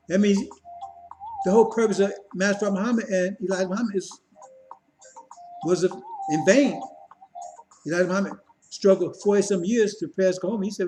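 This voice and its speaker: A man's voice: high voice, brisk, long pauses, warm tone, faint music behind, rough recording. A man giving a mocking, emphatic religious critique monologue. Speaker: religious commentator.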